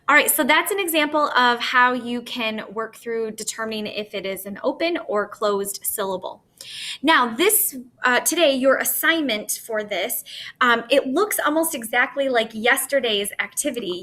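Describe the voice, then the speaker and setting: Woman teacher recording a lesson, bright voice, slow and patient, keeps asking okay?. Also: on the high side. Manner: patient, explaining step by step with frequent "okay?".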